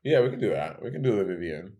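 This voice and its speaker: A man's voice: sits low, sing-song, fast talker, mellow, lo-fi sound. A man co-hosting a podcast, teasing his friend in sassy casual banter. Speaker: podcast co-host. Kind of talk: casual chat.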